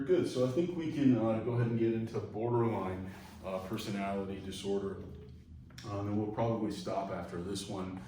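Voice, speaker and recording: A man's voice: low-pitched, darkish tone. A man giving a psychology lecture in a conversational, digressive way, acting out quoted voices as he goes. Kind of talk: recorded online lecture. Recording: echoey room, mic far off, faint noise.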